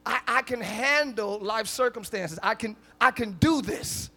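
A male pastor with a very high, bright, forceful voice delivers a live church sermon. He moves from quiet, chatty asides to big shouted lines and pulls the congregation into call-and-response. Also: unhurried. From northern United States. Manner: preaching with call-and-response, swinging from soft asides to loud shouts. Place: church sanctuary, live service.

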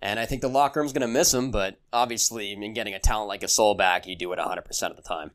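A man's voice: on the low side, racing, a bit bright. A young man co-hosting a casual sports podcast, speaking earnestly and sometimes mock-serious. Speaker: podcast co-host. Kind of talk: casual basketball podcast chat.

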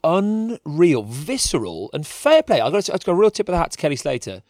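Animated male podcast co-host. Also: on the high side, a little fast, no room sound, clean studio sound. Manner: animated, laughing, rambling. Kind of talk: casual chat.

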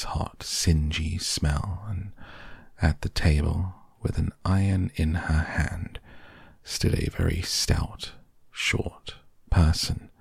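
Slow, gravelly male storyteller, gentle reading, very deep voice. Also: no room sound, studio quality. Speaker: narrator.

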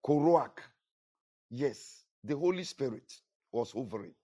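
A man's voice: fairly high pitch, expressive, slow pace. A man preaching a sermon with emphatic, repetitive delivery, rising and falling for effect. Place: church.

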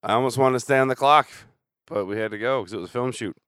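A man chatting casually with a friend about a TV show, making dry, wry, deadpan quips. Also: medium pitch, quick pace, clean tone, no echo. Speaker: podcast co-host. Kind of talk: casual chat reacting to a TV show.

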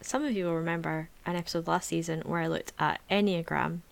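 A woman's voice: lowish voice, steady tone, fast, gravelly. A woman co-hosting a podcast, chatting and explaining in a friendly way. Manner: friendly, laughs often, explains at length. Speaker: podcast co-host. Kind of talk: casual podcast chat.

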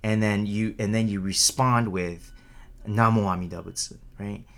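This man's pitch sits fairly low, with a steady, fairly bright tone at a moderate pace. His dharma talk is loose and conversational, peppered with "right?" and frequent restarts and repeated words. When he acts out the quoted calls, his voice rises.

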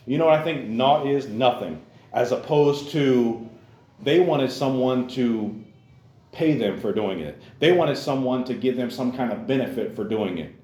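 A man's voice: medium pitch, a little slow, darkish tone. A man preaching a sermon to young people in a church, earnest and repetitive, calling out to his listeners again and again. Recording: roomy echo.

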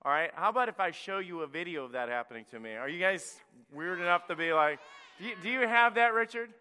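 A man preaching to children as a pastor, energetic and emphatic, dropping to a hush for key points. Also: sits high, fast talker, big-room sound, slight background noise. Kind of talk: children's sermon.

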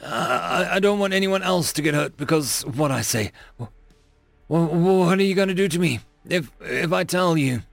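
A man's voice: on the high side, animated, moderate pace, gravelly, no room sound, faint music behind, voice pushed up. A man voicing a timid, plump alien patrolman who stammers and whimpers, in a storybook reading. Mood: whimpering.

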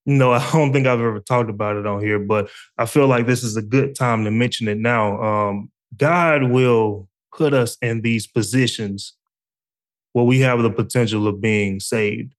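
A man's voice: medium pitch, moderate pace. Reflective man talking faith. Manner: reflective and conversational, with frequent fillers. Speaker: faith podcast host. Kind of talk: casual faith talk.

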